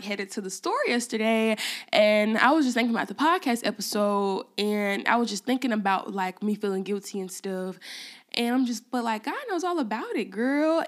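A young woman hosting a faith podcast, talking in a rambling, heartfelt way with many fillers, close to tears at times. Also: mid-range voice. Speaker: podcast host. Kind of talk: personal faith podcast talk.

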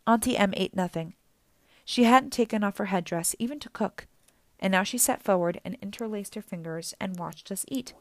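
A woman narrating a novel in the first person as an audiobook reader, with a steady storytelling delivery. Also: medium pitch, moderate pace, no echo.

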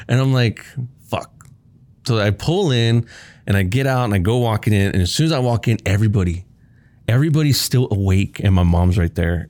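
A man's voice: fairly low pitch, darkish tone. A young man casually telling a story in chat, laid-back and swearing often.

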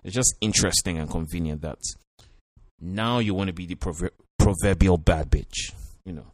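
A man's voice: low voice, moderate pace, darkish tone, a little hiss or hum. A man giving blunt, profane commentary on a reality show, peppered with "you know". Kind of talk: casual commentary.

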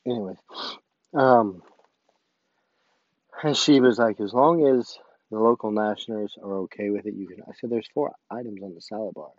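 A man's voice: fairly low pitch, normal speed, pauses often, no echo, lo-fi sound. A man, an army sergeant, casually telling a story about his duty station and acting out the dialogue. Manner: animated, acts out quoted dialogue.

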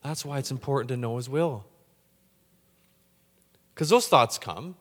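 In a large church hall, a man with a mid-range voice preaches a sermon at a slightly slow pace. He's excitable, getting fired up as he goes and tripping over repeated words.

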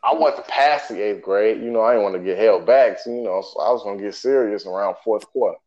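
A man's voice: fairly low pitch, quick pace, darkish tone. A young man telling a story about his school days in casual chat, easygoing and self-mocking with frequent laughs. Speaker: co-host. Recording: dull lo-fi sound.

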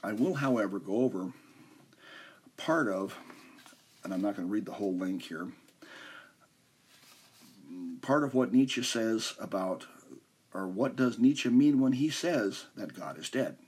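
A man with a low, husky voice hosts a casual explanatory podcast. He talks informally and conversationally, now and then tripping over hard names. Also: animated, moderate pace, darkish tone. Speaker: podcast host.

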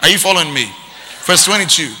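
A male pastor from Nigeria, preaching a sermon with shouted, sing-song call-and-response. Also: on the high side, lively intonation, quick pace, long reverb tail, noisy background.

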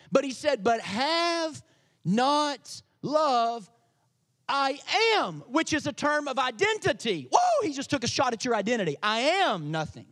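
A man preaching a sermon as pastor, energetic and dramatic, swinging between loud emphasis and hushed asides. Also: extremely high pitch, a little slow.

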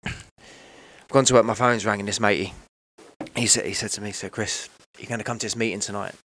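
Gravelly-voiced man telling a raw story. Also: lowish voice, fairly even intonation, fairly quick, fairly bright tone. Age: 30s. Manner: emotional, rambling, repeats "right?" and "you know". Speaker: podcast guest. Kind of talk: candid personal storytelling.

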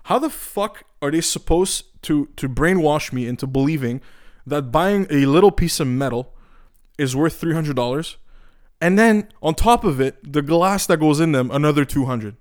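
A young Eastern European man with a fairly high voice rants casually at a moderate pace, recorded at studio quality with no room sound. He's animated and profane, constantly restarting and dropping filler words.

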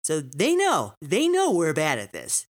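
A man's voice: a little high, huge pitch swings, unhurried. A young man co-hosting a gaming podcast in a casual, wry, easygoing way. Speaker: podcast co-host.

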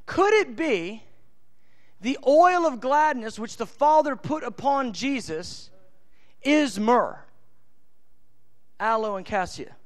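A male preacher delivering an impassioned sermon, emphatic and mixing scripture with casual, colloquial asides. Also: extremely high pitch.

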